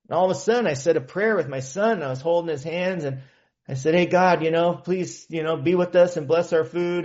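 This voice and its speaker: Earnest storytelling man, slightly high. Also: a little mellow, muffled recording. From California. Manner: earnest, conversational storytelling with casual slang. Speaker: recovery meeting speaker. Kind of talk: personal testimony talk. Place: meeting hall.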